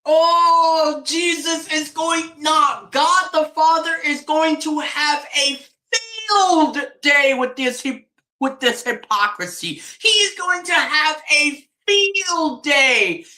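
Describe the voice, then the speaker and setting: High, bright-voiced woman preaching a mocking rant. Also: animated, takes it slowly. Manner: preachy, mocking, laughs and swears often. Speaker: streamer. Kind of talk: impassioned religious rant.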